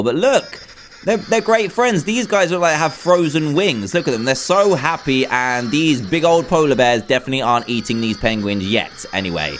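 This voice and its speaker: A man voices his own let's play commentary, with a fairly high voice. His pitch swings widely as he gushes over everything he sees. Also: normal speed, slight background noise. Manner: excitable, gushing exclamations. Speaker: gaming video host.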